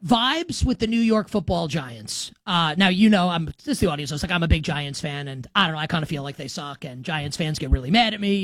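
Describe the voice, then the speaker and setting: A man's voice: sits high, brisk, hardly any pauses, no room sound. A man hosting a sports podcast, asking long rambling questions and chatting casually. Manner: rambling, self-interrupting questions. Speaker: podcast host.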